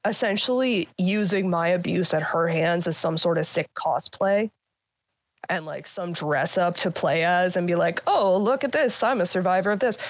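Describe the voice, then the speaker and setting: A woman's voice: on the low side, no echo. Blunt woman telling a hard story. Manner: blunt, frequent swearing, many fillers. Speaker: guest. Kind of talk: candid personal storytelling.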